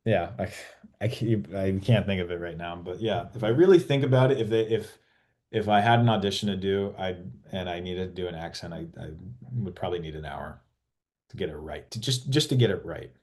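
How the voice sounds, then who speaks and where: Deep-voiced man chatting loosely. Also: brisk, a little mellow. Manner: rambling, many restarts and swearing. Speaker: actor guest. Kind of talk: casual interview chat.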